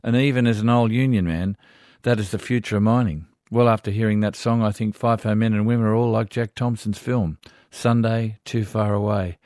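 A man's voice: lowish voice, steady tone, fairly quick, hardly any pauses, no echo, clean studio sound. An older Australian man hosting a radio show, reading listener letters with chatty asides. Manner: warm chatty asides, chuckling.

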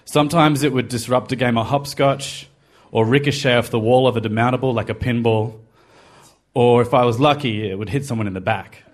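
Aussie guy telling a story on himself, dry and self-mocking, mid-pitched voice. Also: fairly quick. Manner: wry, self-deprecating confessional telling. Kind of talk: personal story told to a live podcast.

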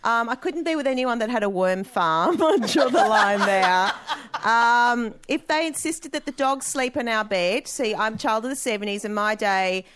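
A woman, a comedian panelist reeling off a list deadpan. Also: a little high, normal speed, a little hiss or hum. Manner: deadpan, listing.

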